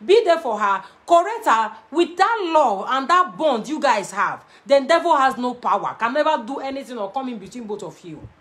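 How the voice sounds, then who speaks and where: A woman's voice: a little high, sing-song, normal speed, few pauses, a bit bright. A young Nigerian woman with a Nigerian accent, giving emphatic, preachy relationship advice to viewers and repeating her key points. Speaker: relationship adviser.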